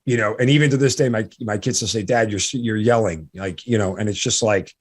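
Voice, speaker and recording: A man's voice: lowish voice, fairly quick, slightly rough. A middle-aged man hosting a podcast interview, talking casually and with feeling, stopping and restarting often with many fillers. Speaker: podcast host.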